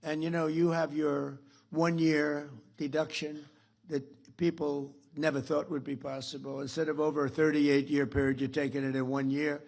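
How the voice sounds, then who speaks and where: An older man in his seventies speaks at a dinner podium, his voice somewhat high and distinctly gravelly. He rambles and boasts, often breaking off mid-sentence to restart or throw in an aside. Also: flat delivery, normal speed, a little mellow. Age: 70s. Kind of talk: political after-dinner speech. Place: dinner event.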